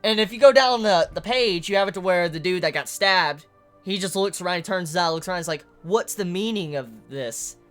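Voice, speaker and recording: A woman reviewing a manga chapter in casual commentary, excitable and swearing a lot, with faint music behind. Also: on the low side, quick pace. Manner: excitable, swears a lot, rising to loud outbursts.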